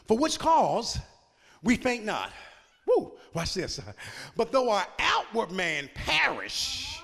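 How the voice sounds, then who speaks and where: A man in his fifties preaching a sermon, punctuating his phrases with "uh" and rising into shouted exhortation. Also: extremely high pitch, very animated, slow, gravelly, slightly rough, in a large hall. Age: 50s.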